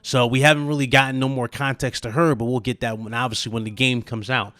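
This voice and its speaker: A man's voice: mid-range voice, steady tone, fast talker, a bit bright, no room sound. A man hosting his own gaming channel, talking casually and animatedly straight to his viewers, with plenty of asides and fillers. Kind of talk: casual gaming commentary vlog.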